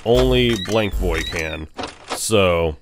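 A young man commentating a horror video game he is playing, muttering tensely one moment and yelling excitedly the next. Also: deep voice, drawn-out words, noisy background. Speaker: gaming youtuber. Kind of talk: let's play commentary. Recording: game music behind the voice.

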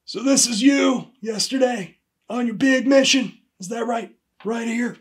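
A man's voice: very high-pitched, a little slow, noisy background. Male actor as an exasperated HR supervisor; dry, pointed, comedy sketch. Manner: dry, pointed, repeats the name.

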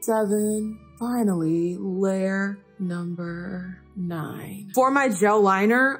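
A young woman with a slightly husky, breathy voice chats through a makeup routine, counting out each layer with playful exasperation. Her pitch sits mid-range, and soft music plays faintly behind her. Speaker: beauty vlogger. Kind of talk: casual makeup tutorial chat.

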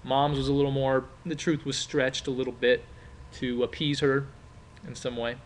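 A man's voice: medium pitch, level tone, moderate pace, a little hiss or hum. A man teaching a class in a casual, chatty way, with many fillers and rhetorical questions. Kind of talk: classroom explanation with role-play.

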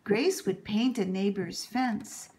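A woman reading a children's picture book aloud in an expressive, animated storytelling manner. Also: medium pitch, takes it slowly. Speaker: reader.

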